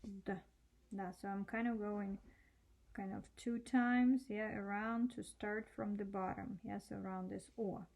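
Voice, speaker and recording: A woman's voice: medium pitch, fairly even intonation, measured pace, creaky, a little mellow. A woman teaching cursive letters, spelling them out patiently and checking in with short questions. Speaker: Russian language teacher. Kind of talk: slow step-by-step handwriting lesson.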